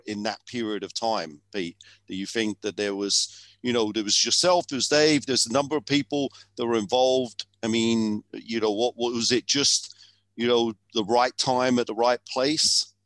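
A man's voice: medium pitch, a bit bright, no echo. A man interviewing a guest, asking long questions full of fillers. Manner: hesitant, filler-heavy questions.

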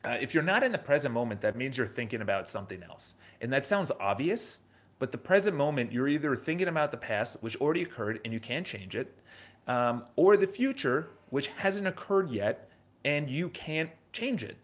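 A man's voice: mid-range voice, big pitch swings, moderate pace. New york guy in his 30s doing a motivational live stream, emphatic, keeps asking rhetorical questions. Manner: emphatic, repeats himself, asks rhetorical questions. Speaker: livestream host. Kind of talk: casual motivational livestream talk.

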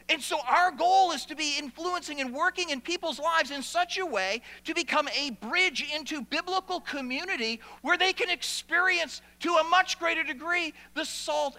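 High, bright-voiced pastor preaching. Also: male voice. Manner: animated preaching, playful asides to the congregation. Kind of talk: sermon. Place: church sanctuary. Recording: long hall reverb.

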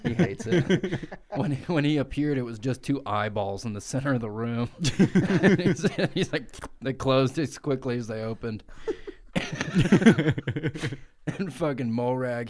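A man improvising a crude comic story on a podcast, laughing between lines as he goes. His voice is of middling pitch and he swears freely. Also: measured pace, darkish tone. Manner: profane, giggly riffing. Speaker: podcast co-host.

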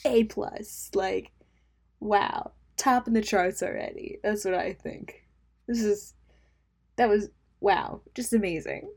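A woman's voice: medium pitch, expressive, moderate pace, gravelly, darkish tone, husky. A young woman hosting a casual solo podcast, rambling and self-mocking, laughing at her own jokes and dropping into mumbled asides. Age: young adult. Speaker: podcast host.

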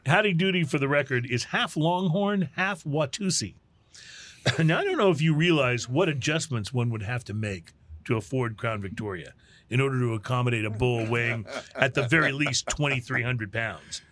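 A man's voice: medium pitch, moderate pace, fairly bright tone, no room sound. A man hosting a casual podcast, reading a funny news story in a mock-newscaster way and laughing often. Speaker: host.

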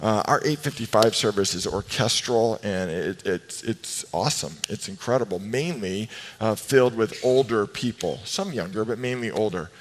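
A male pastor giving an animated, emphatic sermon with playful asides. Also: on the low side, moderate pace, few pauses, slight background noise. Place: church sanctuary. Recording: long reverb of a large hall.

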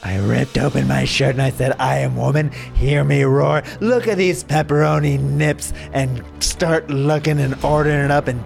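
A man voicing an angsty, loudmouthed activist woman with a raspy voice, combative and ranting. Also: medium pitch, steady tone, normal speed, few pauses, faint music behind. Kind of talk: improvised comedy sketch.

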